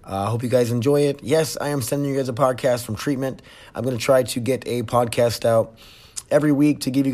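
A man's voice: medium pitch, a little mellow. Candid man podcasting from his phone. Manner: candid, rambling, with many restarts and fillers. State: emotional. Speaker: podcast host. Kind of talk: casual solo podcast talk. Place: residential treatment facility, indoors.

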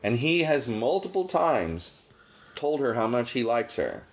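A bit slow and mid-range in pitch, this man's voice rises sharply as he rants on his podcast. The talk is casual, but indignation keeps pushing his tone up.

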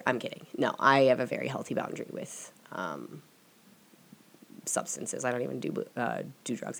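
A woman's voice: sits low, sing-song, normal speed, creaky. A young woman hosting a casual solo podcast, talking candidly and rambling, swearing freely. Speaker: podcast host. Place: at home at her computer and mic.

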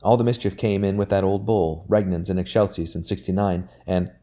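A man doing a fretful young gentleman. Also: deep voice, fairly even intonation, fairly quick, natural voice. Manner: fretful, complaining.

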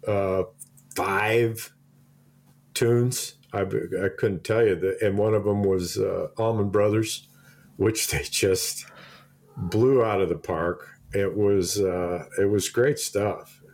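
A man's voice: on the low side, fairly even intonation, slow pace, darkish tone. A middle-aged man telling long anecdotes in casual chat, laughing often and restarting his sentences. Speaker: podcast co-host.

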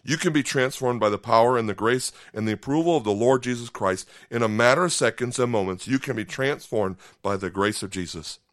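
A man's voice: mid-range voice, a little fast, few pauses, fairly bright tone, no echo, studio quality. A man preaching a podcast sermon in a conversational way, acting out short voiced asides and often checking in with "okay?". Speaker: pastor.

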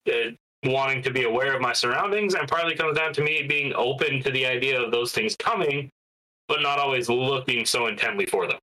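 A man's voice: medium pitch, pushed and bright, rough recording. A man co-hosting a podcast in casual chat, easygoing and wry, often acting out voices of people in his anecdotes. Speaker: podcast co-host.

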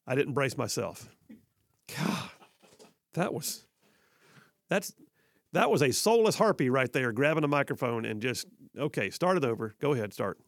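A man's voice: mid-range voice, expressive, normal speed, long pauses. A man hosting a talk radio show, delivering an emphatic, sarcastic opinion monologue that repeats for effect.

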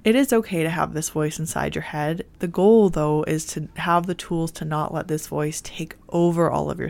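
A woman hosting a self-help podcast, talking in a gentle, reassuring and encouraging way. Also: low-pitched, creaky. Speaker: podcast host.

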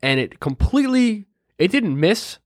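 A man's voice: sits high, measured pace, no echo, clean studio sound. A young man in casual podcast chat, telling a story with energy and checking in with "right?" and "dude" as he goes. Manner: animated storyteller, says "right?" and "dude" often. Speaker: podcast co-host.

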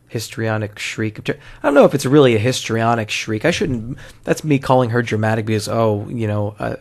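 A man's voice: lowish voice, vocal fry. A man giving casual, rambling commentary while watching an old film, often correcting himself and swearing offhand.

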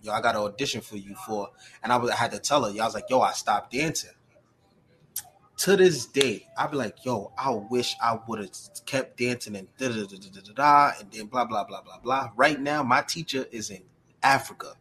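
A man's voice: medium pitch, moderate pace, a little hiss or hum. Slangy Brooklyn man telling stories. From Brooklyn, New York. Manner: animated storyteller, heavy slang and fillers. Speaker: podcast guest, cosplay creator. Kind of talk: casual chat.

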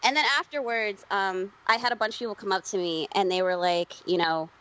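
A woman tells a story in an easy, casual way and slips into a higher voice whenever she quotes her mother. The recording sounds dull and lo-fi, as if it was passed through a cheap channel. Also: brisk, a bit bright. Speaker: comics writer, guest.

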